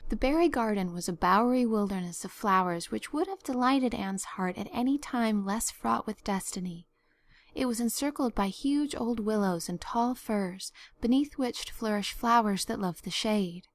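A woman narrating a story as an audiobook reader, measured and expressive. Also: fairly high pitch. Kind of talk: scripted narration.

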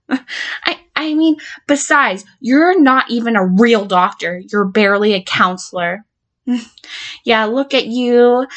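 A woman whose voice sits on the higher side and sounds a bit bright voices a volatile patient in an audio drama monologue. Blackmailing her therapist, she stutters and swears, alternating between menace and begging.

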